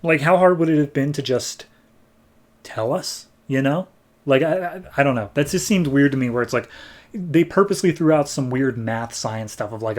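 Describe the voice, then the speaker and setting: A man's voice: mid-range voice, normal speed. A man co-hosting a podcast, retelling a comic story in a rambling, filler-heavy casual way. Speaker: podcast co-host. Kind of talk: casual comic book recap.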